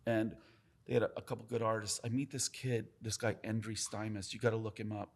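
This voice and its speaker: A man's voice: lowish voice, fairly quick, vocal fry. A man, a tattoo artist talking bluntly and swearing as he tells stories on a casual podcast. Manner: blunt, swears often, animated storytelling.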